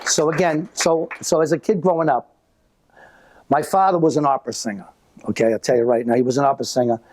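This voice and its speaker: A middle-aged man performing live stand-up comedy, telling animated stories and acting out voices. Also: mid-range voice, fast talker. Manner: animated storytelling with acted-out voices. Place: live venue with an audience.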